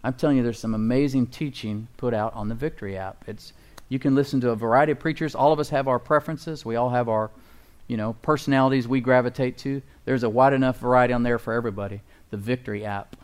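A man's voice: medium pitch, fairly even intonation, fast talker, smooth. A man preaching a sermon as pastor, emphatic and folksy, often asking the congregation for agreement and chuckling at his own points.

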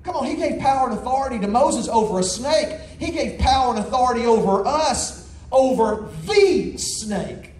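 A man's voice: extremely high pitch, lively intonation, moderate pace, a little mellow. A man preaching a sermon, telling a folksy story with lots of repeated words and restarts, then appealing to his congregation. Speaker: pastor. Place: large church hall. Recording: echoey hall, faint ambience.

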